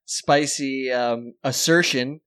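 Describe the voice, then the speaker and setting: A man's voice: mid-range voice, slow, a bit bright, clean tone. A man co-hosting a podcast in casual chat, joking and rambling, often breaking into laughter. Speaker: podcast co-host.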